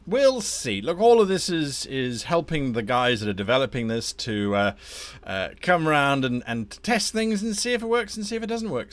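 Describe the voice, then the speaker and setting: A man's voice: mid-range voice, no room sound. A man from South Africa, a game master chatting loosely on a live stream and rambling about his setup. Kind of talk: casual live-stream chat.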